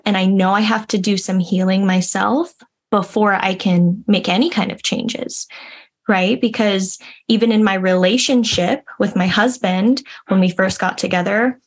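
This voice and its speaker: Young adult woman, reflective and earnest, casual interview guest. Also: medium pitch. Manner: earnest, reflective, many restarts.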